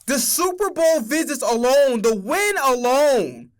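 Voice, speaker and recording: Young man, high-pitched voice, animated, swearing, casual sports rant on stream. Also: slow. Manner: animated, profane, emphatic.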